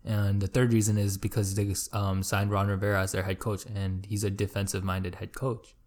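Teasing young man with a lowish voice. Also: level tone, darkish tone. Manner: quick, teasing and swearing. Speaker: podcast co-host. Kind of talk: casual sports chat.

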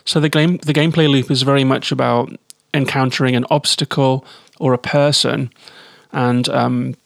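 A man's voice: medium pitch, flat delivery, moderate pace, vocal fry, dry recording, clean studio sound. A man giving a chatty, enthusiastic spoken game review.

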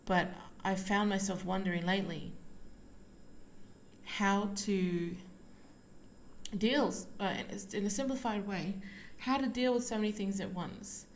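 A woman's voice: medium pitch, measured pace, long pauses, a little hiss or hum. Sleepy, rambling woman podcast host. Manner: relaxed, sleepy, rambling with many fillers. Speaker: podcast host and psychic medium. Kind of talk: casual solo podcast musing. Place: lying down at home.

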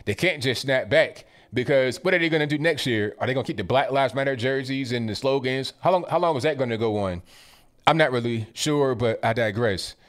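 A man's voice: medium pitch, fairly quick. Blunt, rambling male stream host. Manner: blunt, dismissive, rambling with frequent restarts. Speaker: livestream commentary host. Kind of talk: casual political commentary stream.

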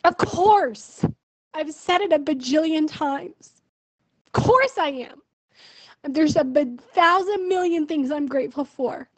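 A woman's voice: high voice, slow, no echo, low-quality recording. A young woman venting her frustration in a personal video diary, emotional and full of fillers. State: pregnant. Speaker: vlogger.

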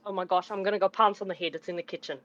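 A woman playing a tabletop role-playing game in an excitable, playful way. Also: on the low side, racing. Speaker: player. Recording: dull lo-fi mic.

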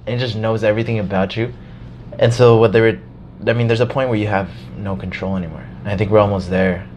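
A man in casual podcast chat, talking in an animated way, swearing and laughing as he tells a story. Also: fairly low pitch, fast talker, lo-fi sound, slight background noise.

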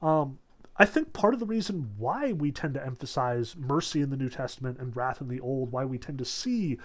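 A man giving a casual spoken talk on the Bible as a Protestant, chatty and full of "like", acting out scripture in quick asides. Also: medium pitch, animated. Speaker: Protestant speaker on theology.

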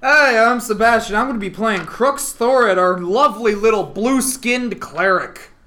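A man's voice: sits high, normal speed, sharp tone. A man playing a tabletop game, joking around with his friends. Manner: playful, joking. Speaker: player. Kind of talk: casual game chat.

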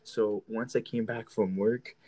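A man's voice: fairly low pitch, steady tone, unhurried, warm tone. A young man hosting his own show, telling rambling, profane stories in a casual chat. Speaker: podcast host.

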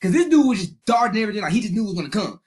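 Animated young storyteller, lively pitch. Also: racing. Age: young adult. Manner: animated storyteller, heavy slang, acts out quotes. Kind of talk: casual storytelling chat.

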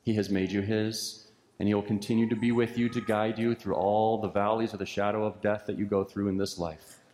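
A pastor preaching a sermon with an earnest, repetitive preaching cadence, heard in a church sanctuary. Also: male voice, fairly low pitch, little pitch movement, fairly quick, a little mellow, a little hiss or hum. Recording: echoey church hall with long reverb.

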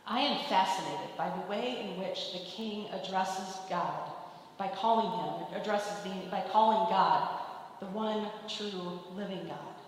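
A woman's voice: medium pitch, slight background noise. A woman giving a sermon, retelling a scripture story and acting out the quoted lines with a lifted voice. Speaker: preacher. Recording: distant mic in a long-reverb hall.

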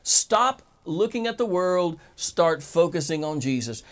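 A man's voice: on the high side, lively intonation, measured pace, fairly bright tone. A man preaching a sermon, talking straight to his listeners with emphatic rhetorical questions.

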